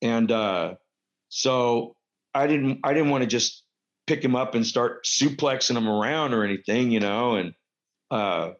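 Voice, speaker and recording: A man's voice: mid-range voice, a little slow. A middle-aged man and former pro wrestler telling stories casually, rambling with lots of fillers and self-corrections. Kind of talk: casual anecdotal storytelling. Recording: dull lo-fi recording.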